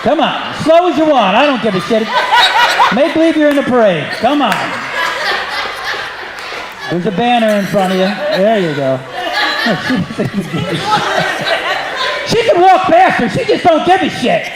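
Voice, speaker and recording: A high, lively male voice doing stand-up, brash and foul-mouthed, needling people in the crowd. He is on a handheld mic in an echoey club. Audience laughter rolls in clearly behind him. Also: normal speed, pauses often, very noisy. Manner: brash, profane, teasing the audience. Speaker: stand-up comedian. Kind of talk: stand-up set with crowd work. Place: comedy club stage before a live audience.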